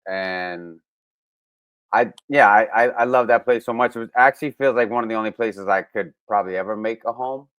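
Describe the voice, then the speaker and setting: Low-voiced, smooth Brooklyn man. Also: brisk, dry recording. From Brooklyn, New York. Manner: relaxed, with frequent fillers and restarts. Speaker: musician guest. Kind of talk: casual interview.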